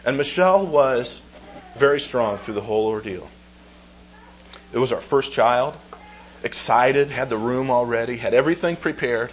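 An earnest man speaks from the pulpit, reading old scripture and sharing personal stories. His voice sits at an ordinary middle pitch, and his delivery is halting and heartfelt, full of small restarts. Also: a little hiss or hum, low-quality recording. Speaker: lay speaker giving a church talk.

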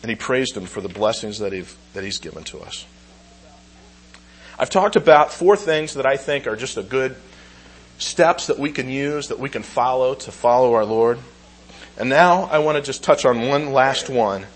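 A man giving an earnest, emotional church talk, reading scripture aloud and pausing with halting restarts. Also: medium pitch, expressive, low-quality recording.

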